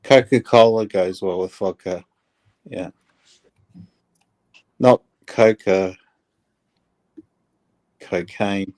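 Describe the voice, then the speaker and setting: A man's voice: fairly low pitch, drawn-out words, pauses often, darkish tone. A man chatting on a live stream as a guest, asking pointed questions with a wry sense of humor. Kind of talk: casual chat.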